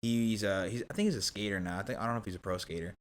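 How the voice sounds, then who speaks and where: Fast-talking young man telling a story. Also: fairly low pitch. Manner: rambling, full of "like" and restarts. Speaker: podcast guest telling a story. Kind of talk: casual storytelling.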